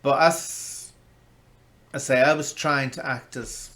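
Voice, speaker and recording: A man commenting on an online feud in a casual, gossipy way, shifting between loud outbursts and hushed asides. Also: mid-range voice, steady tone, slow.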